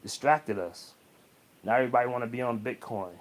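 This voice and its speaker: A man talking straight to the viewer in a casual motivational monologue, preachy and repetitive, often checking in with a quick "okay?". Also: medium pitch. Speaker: motivational vlogger.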